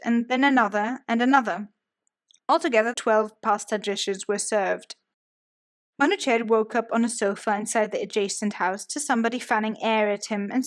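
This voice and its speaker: A woman narrating a biography audiobook in a steady storytelling manner. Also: a little high. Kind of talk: scripted narration.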